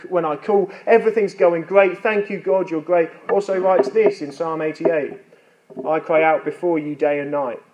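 A man's voice: a little high, darkish tone, rough recording. A man preaching a sermon in an earnest, conversational way, with light self-deprecating humor.

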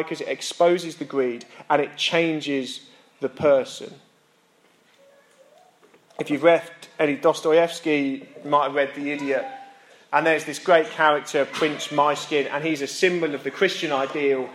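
British male pastor, conversational sermon delivery, lightly raised pitch, reverberant church room. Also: fairly even intonation, measured pace, a bit bright. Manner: conversational preaching with asides and self-mocking laughs.

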